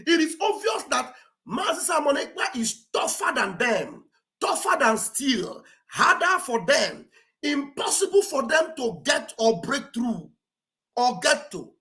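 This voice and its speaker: Woman, high voice, swooping pitch, mocking livestream commentary, repeats phrases for emphasis. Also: very animated, a little slow, a bit bright. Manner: acts out quoted speech with theatrical delivery.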